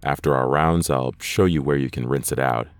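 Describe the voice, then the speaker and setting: A man voicing an intimidating, swaggering male nursing aide with a rumbling voice and a cool, quietly threatening manner. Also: moderate pace, clean tone, no room sound.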